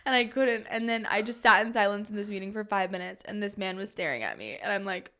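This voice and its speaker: A woman's voice: medium pitch, quick pace, pushed and bright. A woman in her twenties co-hosting a podcast, talking candidly and laughing often in casual chat. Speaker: podcast co-host.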